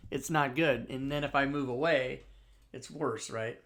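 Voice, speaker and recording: A man's voice: on the high side, moderate pace, a bit bright. A man running a tabletop game from home, loose and self-mocking, swearing often and drifting back from his desk mic. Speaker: dungeon master and streamer. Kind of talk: casual tabletop game chat. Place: home streaming setup. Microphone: desk microphone, often leaned away from.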